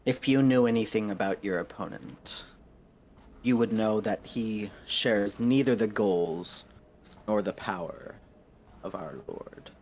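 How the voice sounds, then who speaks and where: A cold, proud devil lord, put on by a man running a tabletop game. He speaks low and very slowly, and his words drop into a hush. He sounds scornful and in no hurry. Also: a little hiss or hum. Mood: disdainful.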